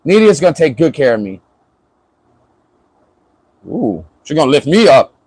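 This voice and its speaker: A man's voice: on the high side, very animated, a little slow, a little mellow, no room sound, low-quality recording. A man from Florida chatting casually on a livestream, joking and rambling and laughing often.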